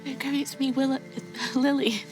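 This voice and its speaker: A woman's voice: high-pitched, level tone, moderate pace, music in the background, poor audio. A woman player speaking in character in a tabletop game, earnest and caring.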